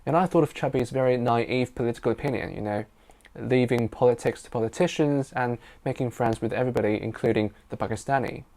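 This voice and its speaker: This Chinese interpreter and storyteller, a native Mandarin speaker, talks a little fast in a mid-range voice as he tells a personal story in English. He's chatty and leans on fillers such as "you know" and "um," while soft guitar music plays underneath.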